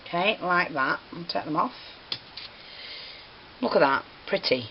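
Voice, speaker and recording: Chatty low-voiced woman crafting. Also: expressive, measured pace. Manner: chatty, apologetic, prone to giggling fits. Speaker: craft teacher. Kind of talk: hands-on craft tutorial. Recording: slightly dull home recording with faint hiss.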